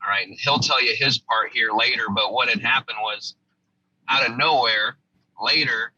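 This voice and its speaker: Bright-voiced man telling a war story. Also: medium pitch, moderate pace, husky, no room sound, dull audio. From United States. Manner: vivid storytelling, acting out quoted lines. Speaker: guest, former army sergeant. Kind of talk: recounting a combat story in a podcast interview.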